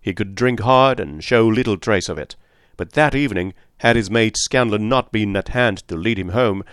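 Low-voiced man reading a novel aloud. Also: clear, resonant tone, dry recording, studio quality. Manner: steady, measured reading. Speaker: narrator. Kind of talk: audiobook narration.

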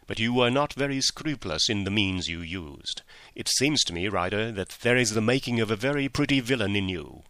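A man playing a cool, commanding detective in an audiobook, speaking quietly and sternly with measured control. His voice sits low with a bright, forceful edge, recorded close and dry. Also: lively intonation, no room sound. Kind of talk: audiobook character reading.

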